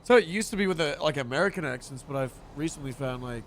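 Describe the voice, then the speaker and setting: A chatty male streamer rambles and laughs through a casual live stream. His pitch is a little high and moves around a lot. Faint noise sits behind him. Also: lively intonation, fast.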